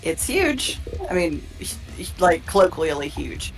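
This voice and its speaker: A woman narrating a horror tabletop game as game master, chatty and relaxed, with fillers and restarts. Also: fairly low pitch, a little slow, soft background music.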